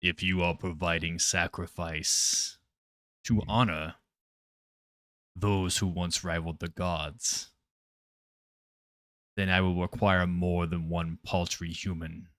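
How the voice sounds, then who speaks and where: A man's voice: flat delivery, fairly bright tone, no room sound, studio quality. A man voicing a menacing ancient god. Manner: slow, low, threatening. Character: ancient menacing male god-being on island.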